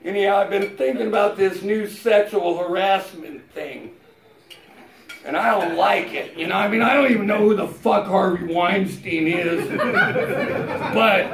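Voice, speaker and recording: A man in his fifties doing a stand-up comedy set in a club, telling stories slowly and deadpan with plenty of swearing, rising to shouted punchlines. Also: sits high. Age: 50s. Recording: roomy club sound from a distance. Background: audience laughter.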